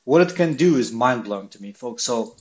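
Excited man hosting a tech video. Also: mid-range voice, a little fast, dull audio. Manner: excited, emphatic. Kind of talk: casual commentary to viewers.

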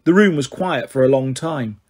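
Husky man reading a story aloud. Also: medium pitch, normal speed, a little mellow. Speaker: audiobook reader. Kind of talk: first-person audiobook narration.

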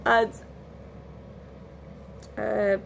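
This vlogger's medium-pitched voice is level in tone, with drawn-out words and vocal fry, and there's slight background noise. Tired and candid, she chats in a casual lockdown vlog from home, rambling, restarting sentences and yawning now and then.

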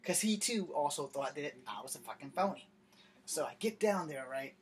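A young man doing stand-up storytelling in an animated, profane, conversational way. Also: a little high, moderate pace, a little hiss or hum. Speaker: comedian.

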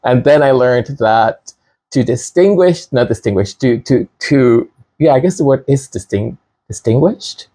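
A man's voice: mid-range voice, expressive, unhurried, warm tone. A middle-aged man from Canada talking casually to his viewers, chatty and rambling, often laughing and restarting his sentences. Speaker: channel host. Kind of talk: casual commentary monologue.

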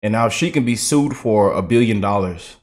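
A man's voice: on the low side, expressive, normal speed, a little mellow. A man giving casual political reaction commentary, chatty and loose, laughing often and repeating himself.

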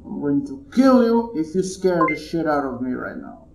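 A man's voice: fairly high pitch, big pitch swings, moderate pace, vocal fry, echoey room, background noise. A man commentating his own horror gameplay, jumpy and muttering curses to himself. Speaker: gamer playing a horror game.

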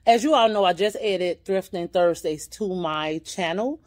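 A woman's voice: on the low side, measured pace, a little mellow. A woman hosting a casual shopping vlog, chatty and upbeat as she talks straight to her viewers while touring an indoor boutique on a handheld camera. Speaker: vlogger touring a store.

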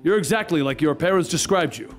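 A man voicing a calm, earnest young male android who speaks slowly and evenly, for a comic story recap. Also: a little high, faint music behind, close to an everyday voice. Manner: slow, measured and flat.

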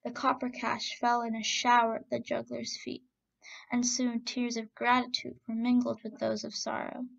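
A woman narrating a folk tale in a steady, expressive reading voice. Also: fairly high pitch, moderate pace, vocal fry, highs cut off. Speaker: storyteller. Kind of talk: storybook narration.

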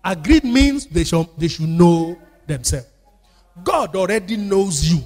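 A pastor with a Nigerian accent preaches a sermon in a church, repeating phrases and urging the congregation to answer in call-and-response style. His voice is high with lively intonation, a darkish tone and a measured pace. Faint music plays behind him, and the church hall gives a long reverb.

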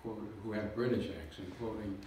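A man's voice: fairly low pitch, steady tone, brisk, darkish tone, a little hiss or hum. Echoey man lecturing from afar. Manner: jokey, self-deprecating, explains with slides. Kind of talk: public lecture. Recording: echoey hall recording from far off.

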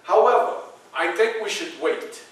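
A man voicing a tall, calm 19th-century president who speaks in a measured, courteous way. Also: high voice. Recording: echoey room from far off.

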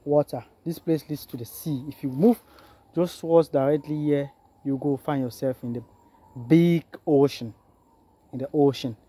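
This vlogger has a fairly high, warm voice and talks at a normal speed. He's strolling through a forest, addressing his viewers as "guys" again and again and repeating himself. Music can be heard clearly beneath him.

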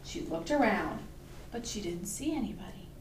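A woman librarian with a medium-pitched, expressive voice reads a picture book to toddlers at a moderate pace, coaxing them to join in with a sing-song lilt. Background noise is present, and the recording sounds roomy and distant with faint ambience.

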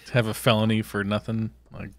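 A man's voice: fairly low pitch, flat delivery, brisk, no echo. A man co-hosting a casual livestream chat, dropping dry, wry short quips. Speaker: co-host.

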